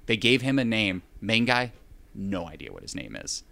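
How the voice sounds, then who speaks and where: A man's voice: on the low side, wildly swooping pitch, moderate pace, gravelly, sharp tone. A man in casual chat, recapping a film in a rambling way with wry, sarcastic asides.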